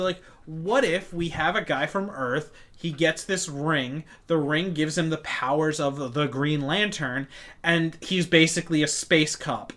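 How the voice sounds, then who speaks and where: A man's voice: on the high side, a bit bright. A man co-hosting a casual nerd podcast, rambling through comic-book talk with lots of fillers. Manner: rambling, filler-heavy, acts out quotes. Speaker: podcast co-host.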